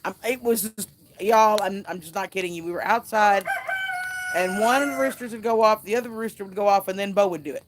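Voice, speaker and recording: A woman's voice: mid-range voice, brisk, background noise. A woman hosting a casual outdoor livestream by a fire, chatting and reading viewer comments aloud. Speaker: livestream host.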